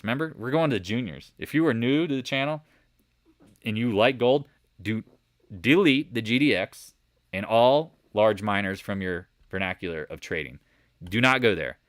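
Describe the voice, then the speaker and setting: Lively low-voiced man explaining charts. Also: no room sound, clean studio sound. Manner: animated, talks to chat viewers, rhetorical questions. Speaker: market commentary host. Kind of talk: live stock chart commentary.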